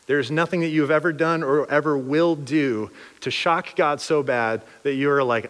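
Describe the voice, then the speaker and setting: A man's voice: mid-range voice, moderate pace, a bit bright, in a large hall. A man preaching a sermon in a casual, slangy way, acting out voices of the people he talks about. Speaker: pastor.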